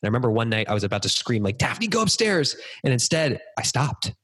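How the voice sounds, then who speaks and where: A man in his thirties, a podcast guest, telling stories in an energetic conversational way. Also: fairly low pitch, rapid-fire. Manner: energetic, acts out quoted dialogue. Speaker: podcast guest, business speaker. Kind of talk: conversational storytelling interview.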